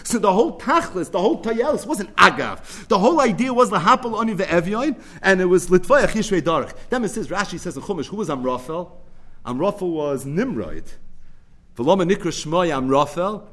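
A man teaching a Talmud class, telling the story with lively emphasis and weaving Hebrew and Yiddish terms into casual English. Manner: rises to emphatic bursts, drops low for asides.

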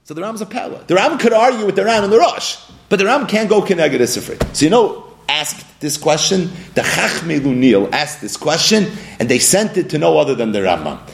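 Male Talmud teacher, lively up-and-down delivery, slightly higher voice, mixes in study terms. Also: fairly quick, creaky. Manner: animated, mixes Hebrew and Yiddish study terms. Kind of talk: daily Talmud lesson.

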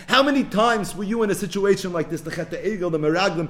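A man's voice: sits high, fast, hardly any pauses, fairly bright tone. A man teaching a religious class, telling a story animatedly and weaving Hebrew phrases into his English. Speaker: Torah teacher.

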